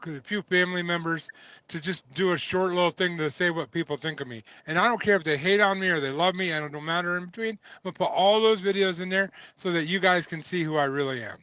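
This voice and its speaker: A man's voice: fairly high pitch, bright, forceful tone, dry recording. A man hosting a casual livestream, chatty, reading viewer comments and laughing often. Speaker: host of a trucking livestream. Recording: dull lo-fi dry audio.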